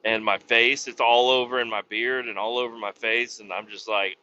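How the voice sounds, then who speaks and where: Profane, animated man telling a story. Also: mid-range voice, normal speed, highs cut off. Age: adult with kids. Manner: profane, animated, breaks into loud exclamations. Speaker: podcast host. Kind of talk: casual storytelling monologue.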